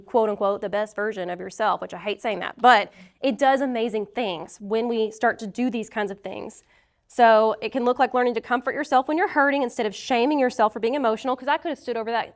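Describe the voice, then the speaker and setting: A woman with a fairly high voice leads a class on healing. She talks straight to her listeners, earnest and direct, and weaves in her own stories as she teaches. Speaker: class leader speaking to a group. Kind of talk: heartfelt teaching talk.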